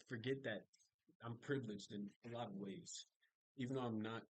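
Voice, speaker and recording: A man's voice: lowish voice, no echo, low-quality recording. A young man telling stories in a casual video diary, rambling and chatty, full of fillers and restarts. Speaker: vlogger.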